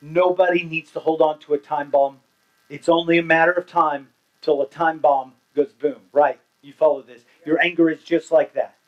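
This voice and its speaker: A man preaching a sermon as pastor, swinging between hushed lines and loud ones and asking the congregation questions. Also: a little high, fairly even intonation, moderate pace, dull audio.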